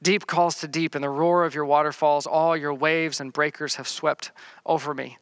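A man preaching a sermon, reading scripture verses slowly and then explaining them in plain talk, often repeating words as he restarts. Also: a little high, level tone, a bit bright, clean tone, no room sound. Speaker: pastor. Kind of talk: sermon teaching through a psalm.

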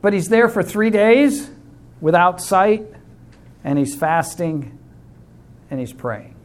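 Man teaching bible study, slightly high voice, chatty explaining. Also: expressive, slow. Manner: conversational, explains with illustrations, calls on class members.

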